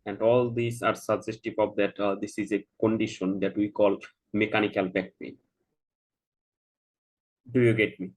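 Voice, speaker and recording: In a mock doctor-patient role-play, a man with a fairly low, flat voice plays the doctor, reassuring the patient in halting sentences heavy with "uh" fillers and slow explanations. He keeps asking "Do you get me?" to check he's understood, and the recording quality is low.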